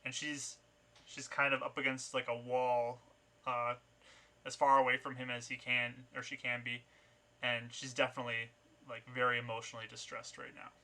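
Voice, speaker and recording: A man running a tabletop game as its game master. He describes each scene step by step in a very bright, sharp voice, pausing with fillers and restarting phrases as he goes. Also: medium pitch, monotone.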